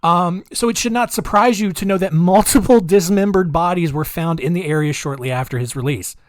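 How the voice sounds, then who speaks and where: A male podcast host tells a true-crime story in a loose, casual way, sarcastic and giggly. His voice sits a little high, and the recording is dry and close. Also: a little fast, dry recording.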